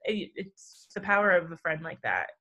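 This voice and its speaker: A woman hosting a podcast, chatting openly, effusive and swearing, quick to cry. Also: on the low side, very animated, bright, forceful tone. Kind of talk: casual podcast chat.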